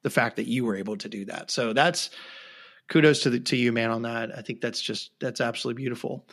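A man's voice: medium pitch, fairly even intonation, fast, a bit bright. A man hosting an interview, responding reflectively and repeating phrases for emphasis. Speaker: host. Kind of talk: interview conversation.

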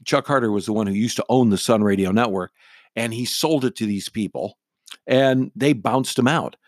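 A man's voice: lowish voice, normal speed, dry recording, studio quality. A middle-aged man, a radio talk show host, telling a story casually in a blunt, wry and irreverent way.

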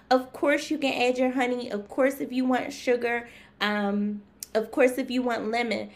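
A woman guest in a casual interview, speaking earnestly and haltingly with many fillers, emotional and grateful. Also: on the high side. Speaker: guest, herbal tea maker. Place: live-streamed talk show.

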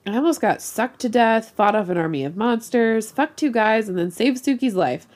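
A flippant, randy young male space pirate who tosses off teasing questions, as a woman reading a story aloud puts him on. His voice jumps up high and loud against the reader's usual tone, cocky and playful. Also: animated, normal speed, natural voice. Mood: cheeky.

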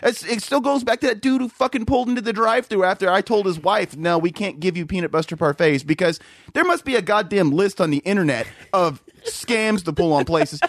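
A man's voice: high voice, brisk, dry recording, clean studio sound. A man co-hosting a podcast, telling exasperated, profane stories about rude customers in casual chat. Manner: profane, exasperated storytelling with laughs. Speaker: podcast co-host.

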